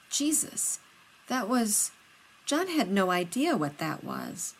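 A woman reading fiction aloud as audiobook narration, steady and unhurried. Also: medium pitch, creaky, breathy edge, low-quality recording. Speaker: reader.

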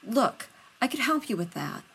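A woman reading aloud voices an agitated man who speaks low and fast, strangled and pushy. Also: very animated, fairly bright tone, slightly rough, exaggerated voice. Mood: urgent.

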